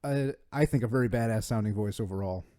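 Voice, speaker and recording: A man's voice: lowish voice, fast talker, dark tone. A man co-hosting a casual podcast, making jokey, playful asides about a movie and the beer. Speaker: podcast co-host.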